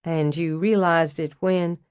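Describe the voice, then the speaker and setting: A woman's voice: low voice, steady tone, slow pace, darkish tone, clear, resonant tone, no echo. Woman voicing Roz, frank Southern estate owner. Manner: blunt and dryly amused.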